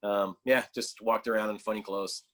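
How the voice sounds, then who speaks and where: A man's voice: fairly low pitch, level tone, normal speed, bright, forceful tone. A man talking as a guest on a casual podcast, telling stories loosely with lots of fillers and a sarcastic sense of humor. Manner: loose storytelling full of fillers.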